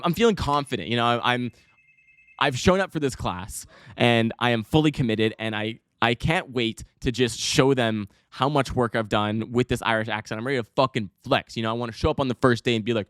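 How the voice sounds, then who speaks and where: A young man hosting his own podcast, telling a rambling, self-mocking story in a casual, animated way with some swearing. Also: mid-range voice, clear, resonant tone, no echo, clean studio sound. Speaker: podcast host.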